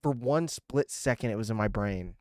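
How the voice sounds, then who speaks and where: A man's voice: medium pitch, lively intonation, normal speed, a little mellow, dry recording, clean studio sound. A young man streaming and chatting loosely with viewers, swearing and getting irritated as he rambles. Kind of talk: casual livestream chat with viewers.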